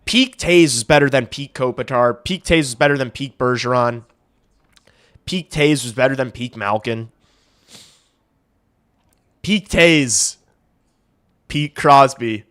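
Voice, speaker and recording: Excitable young man, bright forceful voice. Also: mid-range voice, slow pace, pauses often. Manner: excitable, swears, shifts between mumbled asides and loud outbursts. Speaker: livestream host watching a hockey game. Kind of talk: casual live reaction and play-by-play.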